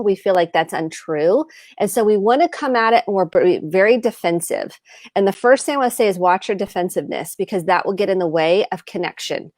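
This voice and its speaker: A woman's voice: mid-range voice, darkish tone, no echo, clean studio sound. A middle-aged woman therapist giving earnest advice, often listing words and acting out short example dialogues. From United States. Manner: earnest, speaks in lists, acts out example dialogue. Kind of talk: explaining tips on a live show.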